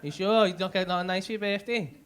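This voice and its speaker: A man doing a crude, animated stand-up set in a comedy club, swearing freely and bantering with the crowd. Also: sits high, quick pace. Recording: reverberant club hall with crowd noise.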